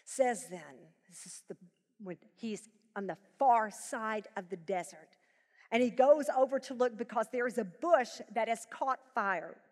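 A woman Bible teacher preaching to a live audience, swinging from hushed tones to loud emphasis. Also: on the high side, measured pace, in a large hall. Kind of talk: sermon. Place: large live event venue.

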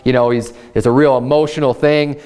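A man's voice: mid-range voice, fairly even intonation, brisk, a little mellow. A man preaching a sermon in a loose, conversational way, often restarting his sentences. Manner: conversational Bible teaching with frequent restarts and "you know". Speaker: pastor.

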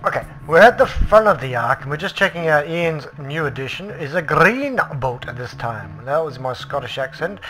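Male let's play host, crisp forceful tone, eager, ums a lot, casual commentary. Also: sits high. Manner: chatty and excitable, many ums and restarts. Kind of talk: casual game tour commentary.

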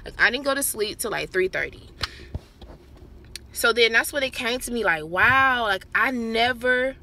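A young woman, telling a story casually to her viewers in an animated, slangy way. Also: fairly high pitch, normal speed. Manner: chatty, animated, slangy, talks to viewers directly. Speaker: vlogger. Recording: noisy background, traffic outdoors.

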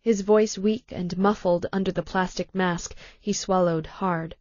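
Woman narrating a novel, low and dry. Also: no echo, lo-fi sound. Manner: calm, measured storytelling. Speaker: audiobook narrator. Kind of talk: scripted narration.

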